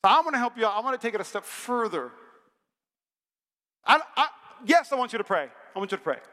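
A man preaching a sermon in a church, energetic and humorous, rising now and then to shouts. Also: very high-pitched, quick pace. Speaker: pastor. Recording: long hall reverb.

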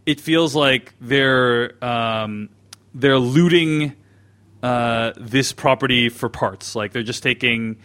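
A man's voice: mid-range voice, slow pace, fairly bright tone, clear, resonant tone. A man co-hosting a podcast, talking things through in a thoughtful, hesitant way with many restarts. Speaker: podcast co-host. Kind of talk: casual discussion.

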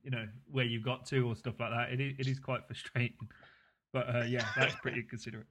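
Bright-voiced chatty man. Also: mid-range voice, little pitch movement, fast talker, a little hiss or hum. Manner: chatty, laughs often. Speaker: podcast host. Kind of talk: casual chat.

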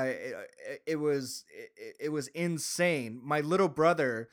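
A man from Green Bay talks sports on a podcast in a rambling rant that keeps restarting and climbs into heated outbursts. His voice sits a little high for a man. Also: a bit bright, clean tone. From Green Bay, Wisconsin. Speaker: podcast co-host. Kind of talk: casual sports talk rant.

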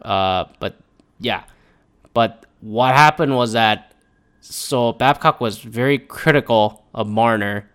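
A young man giving casual, rambling commentary as a podcast host, profane and full of animated quoted asides. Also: fairly low pitch, clean tone.

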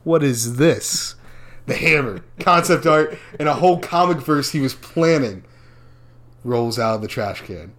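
A man chatting casually and animatedly as he retells a movie plot, slipping into quick character voices. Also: medium pitch. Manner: animated storyteller who slips into character voices and laughs often.

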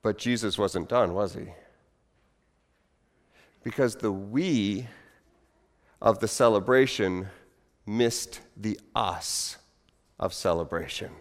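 A man preaching a sermon, animated, acting out voices of the crowd with big swings in loudness. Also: fairly low pitch, slow, long pauses. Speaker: pastor. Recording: hall reverb.

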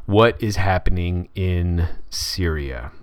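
A man with a lowish voice runs through the day's headlines and comments on them in a loose, wry way, often trailing off with "uh" and restarting. His sound is dry and close, with no room around it. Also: slow, smooth, no room sound. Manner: offhand, wry, with frequent fillers and restarts. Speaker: podcast host reading headlines. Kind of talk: casual news commentary.

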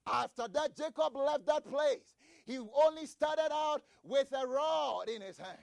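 High-voiced preacher man, gravelly and shouting. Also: no room sound, clean studio sound. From grew up outside the United States, across the Atlantic. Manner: reads scripture slowly, then shouts for emphasis. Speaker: pastor. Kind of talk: sermon.

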